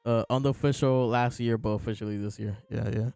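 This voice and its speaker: A man's voice: mid-range voice, fairly even intonation, fairly quick, gravelly, darkish tone, faint music behind. A man casually reviewing and discussing a comic chapter, rambling with many fillers and chuckles. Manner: laid-back, rambling, lots of fillers and laughs. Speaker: podcast host reviewing a manga chapter. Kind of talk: casual chat.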